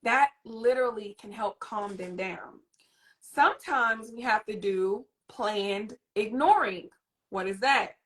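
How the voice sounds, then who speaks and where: A woman hosting a parenting talk, explaining in a lively, teacherly way and addressing the audience directly. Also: medium pitch, slow. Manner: animated, teacherly, demonstrates a soothing voice. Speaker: host and parenting coach. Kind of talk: live interview chat.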